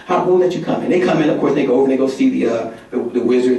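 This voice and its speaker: A man giving a conference talk as a community organizer, telling a story in an animated, folksy, emphatic way. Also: medium pitch, rapid-fire, few pauses, faint music behind. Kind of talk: conference speech. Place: conference hall. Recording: echoey hall from far off.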